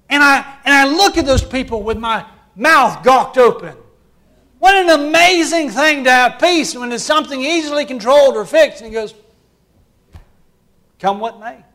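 A man preaches to his congregation. His voice sits high and bright. He drops to quiet, close passages, then climbs into loud, urgent pleading. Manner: swings between loud fervent preaching and quiet hushed passages. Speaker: pastor. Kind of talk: sermon.

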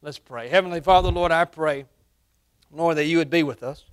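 High-voiced male pastor preaching with fervor. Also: moderate pace, smooth. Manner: swings between loud emphatic peaks and hushed low passages. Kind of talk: sermon. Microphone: wearing a face mask while preaching.

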